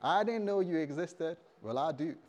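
Man doing Eve, calm, matter-of-fact, lowered voice, short plain replies. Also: moderate pace, lightly acted.

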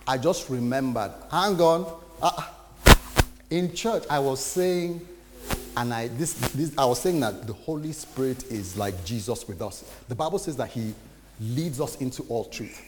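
A man preaching a testimony, telling a story in an animated way and acting out the voices in it. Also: medium pitch, a little slow, big-room sound, background noise. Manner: animated, acts out quoted dialogue. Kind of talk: sermon storytelling.

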